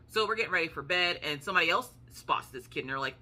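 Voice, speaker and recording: Woman, 30s, US, casual vlogger; chatty storyteller, very bright tone. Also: low-pitched, expressive, rapid-fire, few pauses. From United States. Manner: chatty, swears casually, acts out quotes.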